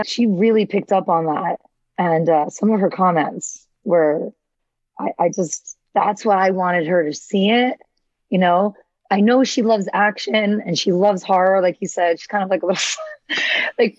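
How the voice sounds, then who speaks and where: A woman co-hosts a podcast, sharing an animated story in casual conversation and breaking into laughter along the way. The recording sounds dull and lo-fi, with a dry, close feel and no room echo. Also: mid-range voice. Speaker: podcast co-host. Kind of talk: casual chat.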